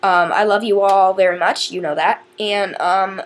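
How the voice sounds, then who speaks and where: A woman's voice: medium pitch, steady tone, normal speed, few pauses. A woman vlogger chatting casually through a question challenge, giggly and rambling, often stopping to restart her sentences. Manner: chatty, giggly, self-interrupting.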